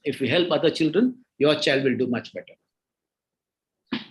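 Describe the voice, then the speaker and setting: Emphatic Indian man with a high voice. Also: unhurried, rough recording. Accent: Indian English. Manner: earnest, emphatic, repeats words and restarts. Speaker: doctor and guest speaker. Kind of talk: seminar Q&A answer.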